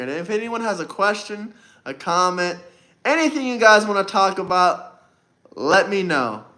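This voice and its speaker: A man with a high-pitched, bright, forceful voice hosts a political livestream. He argues in a combative, boastful way, repeating lines to drive his points home in debate-style talk.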